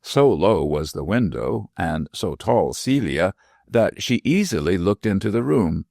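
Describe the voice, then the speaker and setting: Deep gravelly male audiobook narrator. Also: big pitch swings, unhurried, warm tone, no room sound, studio quality. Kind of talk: scripted narration.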